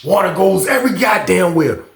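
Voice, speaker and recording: A man telling a storytime on his vlog in a casual, profane, animated way, recorded in an echoey room. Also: sits high, moderate pace, creaky. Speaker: vlogger.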